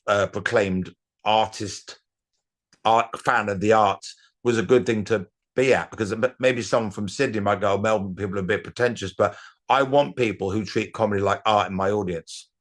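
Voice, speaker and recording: Middle-aged man, lowish voice, rambling anecdotes, restarts, acted-out quotes. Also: fairly bright tone. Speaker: comedian guest. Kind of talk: casual interview chat.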